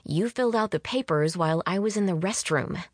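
A woman reading an audiobook, voicing a relaxed young man in a low-key, dryly teasing way. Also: brisk, no echo, clean studio sound, lightly acted. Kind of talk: audiobook character voice.

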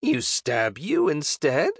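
A man voicing a scrawny, greedy male goblin with a shrill, hissing, drawn-out voice. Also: huge pitch swings, breathy edge, dry recording, clean studio sound, heavily acted.

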